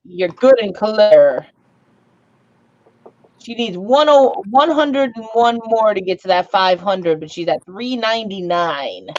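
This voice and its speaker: A woman's voice: mid-range voice, animated, takes it slowly, darkish tone, dry recording. A woman hosting a live stream, chatting casually and teasing her guests with frequent laughter. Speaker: livestream host. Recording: dull lo-fi stream audio.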